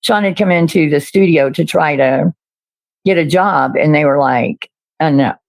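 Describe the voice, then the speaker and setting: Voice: mid-range voice, moderate pace, creaky, dry recording. A guest in casual chat who tells rambling stories.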